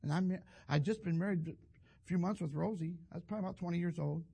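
A man's voice: high-pitched, quick pace, vocal fry, dark tone, breathy edge. An older man, a pastor telling a rambling, folksy story in a sermon. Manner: rambling, folksy, self-interrupting.

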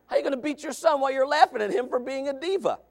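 A pastor in his thirties preaching with a high voice for a man. He talks in a chatty way, drops into quiet asides, then rises into shouted points. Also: expressive, racing, creaky. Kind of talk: sermon.

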